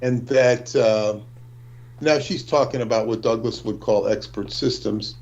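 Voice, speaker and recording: A man co-hosting a livestream discussion, speaking in a measured, deliberate way. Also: mid-range voice, darkish tone, dull audio, slight background noise. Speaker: livestream co-host.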